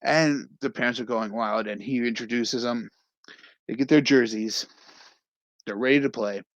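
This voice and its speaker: A man's voice: mid-range voice, moderate pace, no room sound. Young male host, rambling recap voice, dry dull-sounding recording, plays out scene lines. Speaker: movie review host. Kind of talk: casual movie recap.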